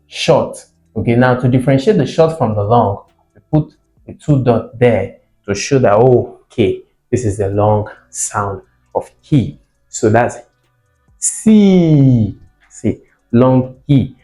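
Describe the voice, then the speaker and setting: A man's voice: mid-range voice, mellow. A man teaching vowel sounds for exam prep, who repeats each sound and word for practice and checks on the viewer. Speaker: English teacher. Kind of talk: exam-prep phonetics lesson. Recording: roomy echo with faint music.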